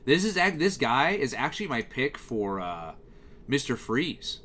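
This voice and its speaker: A young man who reviews TV schedules on YouTube rants casually and with frustration about one channel, full of fillers and restarts. He has a medium pitch with a sing-song, unhurried delivery that sounds pushed and bright.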